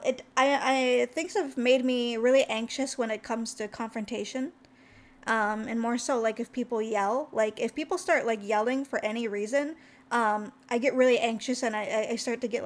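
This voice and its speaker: High-voiced young woman streamer, rambling. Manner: rambling, many fillers and laughs. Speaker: VTuber streamer. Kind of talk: casual storytelling to chat.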